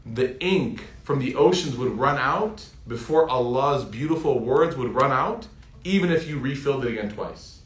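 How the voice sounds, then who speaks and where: A man's voice: mid-range voice, lively intonation, normal speed. A man in his thirties giving a heartfelt sermon as an Islamic preacher, telling stories and building to emphatic peaks. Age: 30s. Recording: roomy echo.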